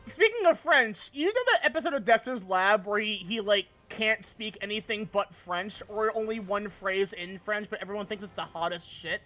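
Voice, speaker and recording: A young man chatting on a live game stream with an unusually high voice, bright and forceful in tone. He talks in a loose, excitable way, swearing freely and breaking into laughter often. It sounds like a streaming desk microphone. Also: normal speed, hardly any pauses, soft background music. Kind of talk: casual live-stream chat while gaming.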